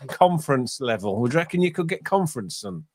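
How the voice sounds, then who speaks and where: A man's voice: on the high side, expressive, brisk, creaky. A man hosting a casual football fan phone-in, chatting and bantering. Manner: chatty, laughs easily, warm banter. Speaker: podcast host.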